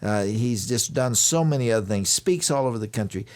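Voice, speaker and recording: A man's voice: mid-range voice, animated, fairly quick, a little mellow, clear, resonant tone. An older man hosting a radio interview, introducing his guest in an easygoing, affirming way. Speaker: radio host.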